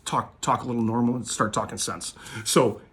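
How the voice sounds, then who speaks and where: A man hosting a show, telling a story in a blunt, profane, animated way. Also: medium pitch, normal speed. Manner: blunt, swears constantly, animated retelling. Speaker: host, sports card dealer.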